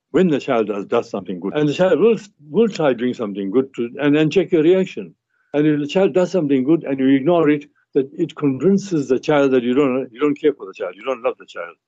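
A man's voice: mid-range voice, warm tone, slightly rough, no echo. A man, a family physician, giving advice on a radio talk show in an earnest, explanatory way with frequent restarts and fillers. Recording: muffled radio broadcast.

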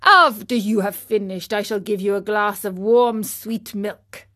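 A woman's voice: mid-range voice, fairly even intonation, sharp tone. A woman doing a stern old farmer. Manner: slow, firm, bargaining. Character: stern older male farmer, businesslike.

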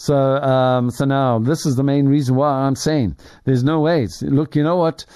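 A man's voice: mid-range voice, steady tone, unhurried, warm tone, clear, resonant tone, dry recording. A man hosting a talk show, telling a rambling story full of restarts and chuckles. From Ireland. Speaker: radio talk host. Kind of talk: casual rambling monologue.

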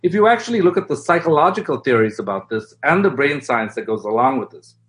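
A man talking as an interview guest, lively and animated, often acting out quoted voices as he explains. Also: mid-range voice, fast talker. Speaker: guest expert. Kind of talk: interview conversation.

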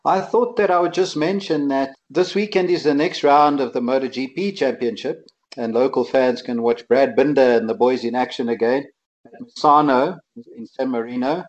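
Co-host, relaxed and chatty with fillers, slightly muffled remote line. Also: male voice, mid-range voice, normal speed. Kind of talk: casual radio chat.

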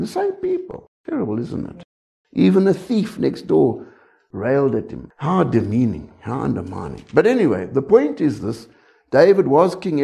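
Gravelly-voiced male preacher. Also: medium pitch, darkish tone. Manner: conversational preaching, checks in with congregation. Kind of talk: sermon.

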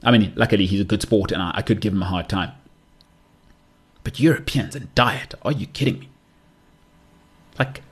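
Husky, opinionated podcast host man. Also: lowish voice, a little fast, long pauses. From South Africa. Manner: opinionated, emphatic, repeats punchlines. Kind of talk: solo podcast rant.

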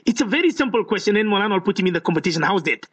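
A man's voice: high-pitched, expressive, very fast, muffled recording. A man hosting a live radio call-in show, playful and coaxing, stretching words for emphasis. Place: radio studio.

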